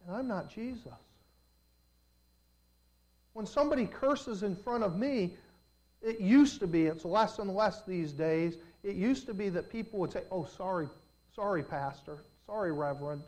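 A pastor preaching a sermon, moving between quiet, slow reflection and loud, rising emphasis, and acting out quoted people in lowered voices. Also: rough recording.

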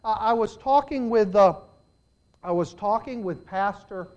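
An older man preaching a sermon as a pastor, swinging between hushed, intimate lines and loud, emphatic declarations. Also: high voice, unhurried.

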